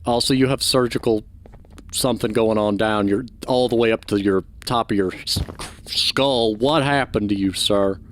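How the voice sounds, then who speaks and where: A man's voice: on the low side, moderate pace, a little hiss or hum. A man commenting casually while playing a video game, offering critique as he goes. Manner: chatty, critiquing, offhand. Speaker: gaming channel host. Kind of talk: let's play commentary.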